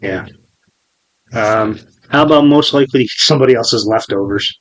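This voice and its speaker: A man's voice: mid-range voice, moderate pace, rough recording. Profane, rambling man in his forties. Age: 40s. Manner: profane, rambling storyteller with many restarts. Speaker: podcast host. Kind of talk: casual podcast chat.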